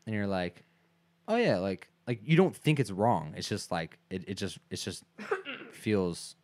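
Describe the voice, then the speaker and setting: A man's voice: deep voice, big pitch swings, measured pace, darkish tone, dry recording. A man co-hosting a casual podcast, often hesitating and repeating words as he talks. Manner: hesitant, repeating himself with fillers. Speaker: podcast co-host. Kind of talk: casual chat.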